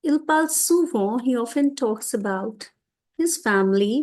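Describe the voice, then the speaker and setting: Slow-paced woman teaching French grammar. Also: on the high side, expressive. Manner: explains step by step, slows down on French answers. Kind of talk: exam revision lesson.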